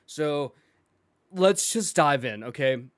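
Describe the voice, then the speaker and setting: A man's voice: on the high side, slow pace, smooth, no echo, clean studio sound. A male podcast host telling a comic story, acting out the quoted dialogue. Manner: animated, acts out quoted dialogue. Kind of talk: comedic storytelling.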